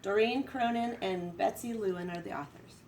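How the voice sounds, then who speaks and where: Teacher reading a storybook aloud, distant mic. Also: female voice, mid-range voice, moderate pace, a little hiss or hum. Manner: expressive read-aloud, voice rising for excitement. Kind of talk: storybook read-aloud to students. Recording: distant from the microphone.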